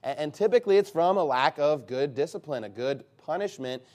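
A man with a fairly high voice, preaching to his congregation as their pastor. He talks emphatically and swings his pitch widely, now and then breaking into loud outbursts. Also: expressive, brisk. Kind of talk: sermon.

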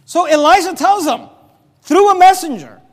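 High-voiced pastor preaching in a hall. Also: male voice, moderate pace. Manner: animated preaching, reads scripture aloud, acts out characters. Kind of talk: sermon.

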